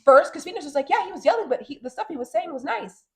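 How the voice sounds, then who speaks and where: A woman in her thirties co-hosting a podcast, chatting casually and animatedly, often acting out what others said. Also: sits high. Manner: animated, talks fast and acts out quotes. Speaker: podcast co-host. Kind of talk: casual chat.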